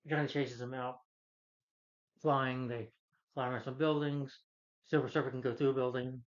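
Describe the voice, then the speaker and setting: A man's voice: mid-range voice, flat delivery, normal speed. A man reviewing a film in a casual, rambling plot recap, stringing events together with lots of "like" and "you know.". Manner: rambling, loose retelling full of "like" and "you know". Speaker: movie reviewer. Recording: muffled lo-fi audio.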